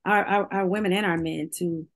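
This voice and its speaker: A woman's voice: lowish voice, steady tone, moderate pace. A woman, a singer, talking candidly in an interview, open and emotional, laughing often as she speaks.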